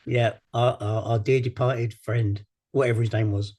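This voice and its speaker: A man's voice: medium pitch, fairly even intonation, moderate pace, a little mellow. A man co-hosting a podcast, answering questions in a meandering way with many fillers. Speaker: podcast co-host. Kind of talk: casual podcast chat.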